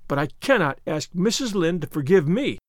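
Passionate, defiant orphan girl, read by a man, high and pleading. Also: very animated, moderate pace, dry recording, clean studio sound.

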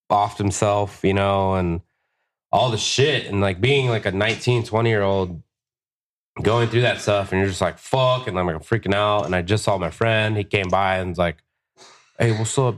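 A man, a tattoo artist and podcast guest, telling stories in a casual, profane, animated way, often acting out what people said. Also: low voice, normal speed. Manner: profane, animated, acts out quotes. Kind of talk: casual storytelling.

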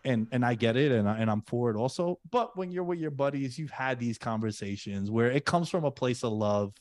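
A man's voice: mid-range voice, expressive, a little fast, a little mellow, dry recording. A man co-hosting a casual rewatch podcast, earnest and chummy, talking about friendship. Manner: earnest and chummy, says "dude" and "man" a lot. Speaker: podcast co-host.

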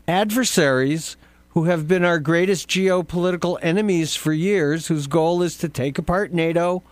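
Man, slow and deliberate, indignant commentary, slightly high voice, dry close sound. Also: no echo. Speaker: show co-host. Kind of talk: political commentary.

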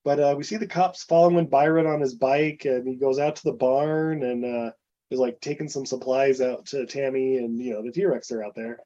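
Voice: medium pitch, fairly even intonation, normal speed, dark tone, lo-fi sound. A podcast co-host chatting casually and jokingly, recapping a film in a rambling way. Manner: rambling, jokey, full of fillers.

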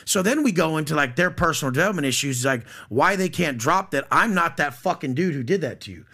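Blunt, profane man with a gravelly voice. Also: a little high, lively intonation, fast talker, bright, forceful tone. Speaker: podcast guest. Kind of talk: casual podcast conversation.

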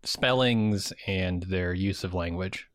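A man's voice: low voice, slow pace, dry recording. A man co-hosting a podcast, chatting casually with dry, skeptical remarks. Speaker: podcast co-host. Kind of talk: casual chat.

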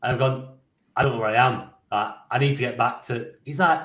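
A man rattles through a story, rambling and lively, swearing freely and laughing as he goes. His voice sits at an ordinary middle pitch. The room around him gives it a noticeable echo. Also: a little fast. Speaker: podcast co-host. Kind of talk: casual anecdote telling.

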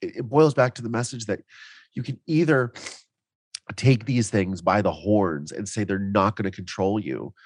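A man's voice: lowish voice, moderate pace, slightly rough, no echo. A man guesting on a podcast, telling his story in a heartfelt way, at times close to emotional. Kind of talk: casual interview chat.

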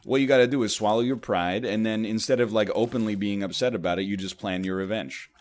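A man hosting a show, delivering a rambling, self-deprecating comedic monologue full of "like," with sudden pitch jumps when he acts out other people. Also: fairly even intonation, fast talker. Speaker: show host.

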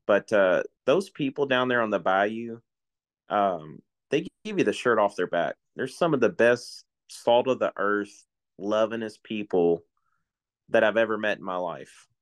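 A man's voice: lowish voice, expressive, moderate pace. A man in his forties, a retiring coast guard officer, telling folksy stories in a casual chat and chuckling often.

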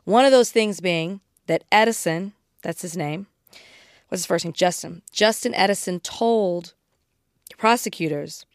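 Woman, podcast co-host, measured and matter-of-fact, dry close mic. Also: fairly low pitch, no room sound. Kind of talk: casual podcast chat.

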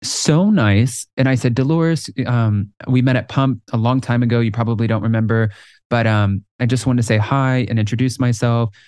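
A man co-hosting a podcast in casual chat, telling lively stories and acting out other people's lines. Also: mid-range voice, normal speed, clear, resonant tone, no echo, clean studio sound. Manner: animated storyteller, acts out quotes. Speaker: podcast co-host.

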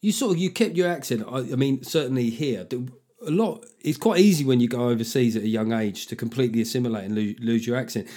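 Male podcast host, halting. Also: mid-range voice, mellow. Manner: halting restarts, laughs easily. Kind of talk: casual interview chat.

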